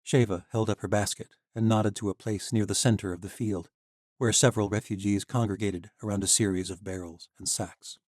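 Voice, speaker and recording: Male audiobook narrator, steady and even, warm and close-miked. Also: fairly low pitch, brisk, no echo. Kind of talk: scripted narration.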